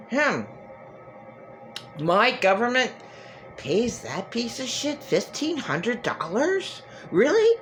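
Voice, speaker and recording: A middle-aged woman talks straight to camera in an agitated, profane monologue. Her bright, sharp voice swings widely up and down, and she speaks slowly, breaking off and restarting her sentences. She keeps circling back over the same points. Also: mid-range voice, low-quality recording. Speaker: vlogger.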